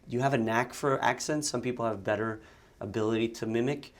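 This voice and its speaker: A man's voice: medium pitch, fairly quick. A young man from Montreal, an actor and sketch comedian, chatting in an interview, laughing often and restarting his sentences. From Montreal, Canada. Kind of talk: casual interview chat.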